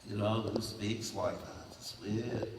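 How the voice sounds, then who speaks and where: A man's voice: lowish voice, background noise. A man in his sixties telling stories as a guest at a fan convention panel. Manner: animated, breaks into quick character voices. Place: large convention hall. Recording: roomy hall from a distance.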